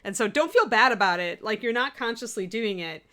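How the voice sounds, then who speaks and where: Woman, bright clear voice, casual livestream chat, rambling and talkative. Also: fairly high pitch, animated, a little fast. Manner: chatty, rambling, frequent laughs and fillers. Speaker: livestream co-host and miniature painter. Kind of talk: casual livestream chat reading viewer comments.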